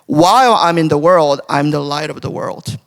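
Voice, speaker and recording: Creaky young man preaching in a hall. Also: on the high side, moderate pace. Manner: conversational, many fillers and tag questions. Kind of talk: casual morning devotional sermon. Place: church sanctuary. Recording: long church hall reverb.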